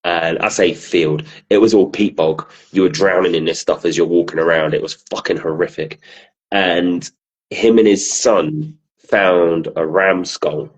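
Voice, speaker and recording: A man's voice: deep voice, steady tone, unhurried, husky, poor audio. A man from southern England chatting casually as a podcast co-host, telling laughing stories and swearing freely. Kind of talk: casual chat.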